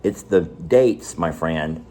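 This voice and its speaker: A man, talking casually to viewers of his animal sanctuary vlog in a folksy, drawn-out way, outdoors on a farm. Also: sits low, expressive, mellow. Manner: folksy, drawn-out, slow emphasis. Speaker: animal sanctuary owner and vlogger.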